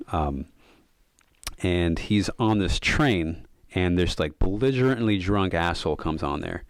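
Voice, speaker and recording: A man with a very deep voice, recorded close and dry, talks through his ideas as a podcast guest. He tells stories in a loose, thoughtful way, often saying "like" and "um". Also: no room sound. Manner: thoughtful, many fillers of "like" and "um". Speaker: podcast guest, yoga and meditation coach. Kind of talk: casual reflective storytelling.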